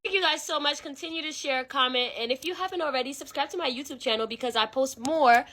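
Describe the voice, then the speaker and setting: A woman's voice: high voice, fast, sharp tone. Casual woman telling a spooky story. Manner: conversational, second-person narration with slang and fillers. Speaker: storyteller vlogger.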